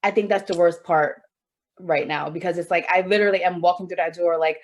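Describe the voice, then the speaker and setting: In a lowish voice at a fairly quick pace, a woman co-hosts a podcast and talks about happiness in an open, emotional, casual way. She is an adult with a child and swears freely.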